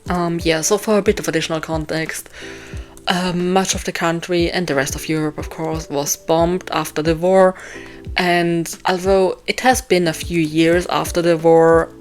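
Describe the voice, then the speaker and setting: With soft music underneath, a young woman talks through her novel live at normal speed, her voice lowish and fairly even. It's rambling, self-deprecating musing with many ums and restarts, and tiredness is audible.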